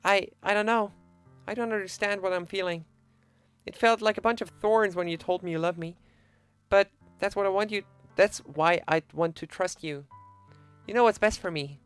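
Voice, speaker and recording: A man voicing a sweet, fragile teenage girl who is cheerful yet sad, speaking in a soft, wavering, hesitant way. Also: high-pitched, moderate pace, clear, resonant tone, no echo, soft background music, pitched above the performer's own voice, natural voice. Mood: uncertain.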